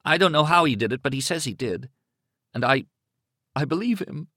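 A man's voice: mid-range voice, very animated, takes it slowly, no echo, pitched above the performer's own voice. A man voicing a frightened young mother who sounds harried and close to tears, pleading in a trembling voice.

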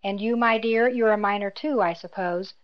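A woman voicing a cold, menacing male imperial officer who speaks in a quiet, clipped, mocking tone, in a slightly dull lo-fi recording. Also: mid-range voice, normal speed, close to an everyday voice.

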